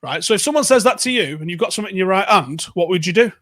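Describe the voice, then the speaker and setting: Guy on a podcast, swears a lot, acts out quotes, bit high voice, dry close sound. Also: lively intonation, rapid-fire, fairly bright tone, dry recording. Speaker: podcast co-host. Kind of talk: casual storytelling chat.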